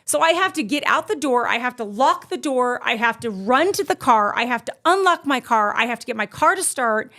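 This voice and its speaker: A middle-aged woman tells a story in casual chat, her voice sitting a little high. She is animated and slips into acting out what she once said. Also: a little fast, few pauses. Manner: animated, acts out her own past lines. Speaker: guest storyteller.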